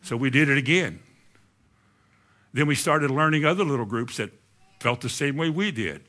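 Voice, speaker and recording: Bright-voiced preacher man. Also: medium pitch, moderate pace. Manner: conversational preaching, asks the congregation questions. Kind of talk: sermon.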